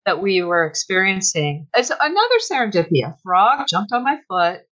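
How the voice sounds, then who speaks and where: Animated woman storyteller, dull audio. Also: mid-range voice, normal speed. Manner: animated, breaks into shrieks and laughter when retelling. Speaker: author guest. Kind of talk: conversational storytelling.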